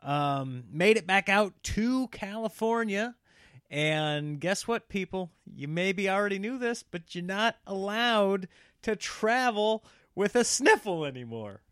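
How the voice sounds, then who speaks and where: A man in his thirties telling a story in casual chat, animated and slipping into the voices of people in it. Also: high-pitched, slow pace, clean tone, no room sound, studio quality.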